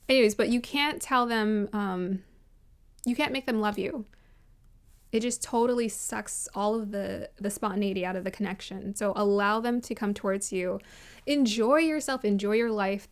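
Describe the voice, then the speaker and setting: A woman vlogger giving casual, opinionated commentary on a reality show, emphatic and repeating her points, often laughing. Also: on the high side.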